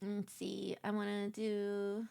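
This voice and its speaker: A woman's voice: mid-range voice, monotone, slow pace, gravelly, clean tone, no room sound. A woman streamer chatting casually with her viewers while gaming, bubbly and chatty, greeting people and humming along. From Puerto Rican heritage. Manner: bubbly, greets chat viewers warmly, hums along to music.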